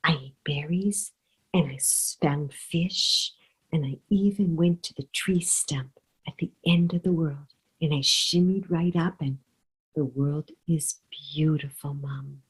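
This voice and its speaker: A woman's voice: sits low, slow, slightly rough, full character voice. A woman voicing an eager, adventurous young male bear cub in a children's story, with a childlike, plaintive manner. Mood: excited.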